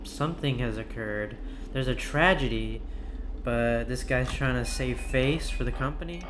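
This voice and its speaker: A man's voice: mid-range voice, measured pace, background noise. A man playing a horror game blind, giving let's-play commentary as a jumpy, easily startled host who mutters the same phrase over and over. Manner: repeats the same phrase over and over under his breath. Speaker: gaming YouTuber.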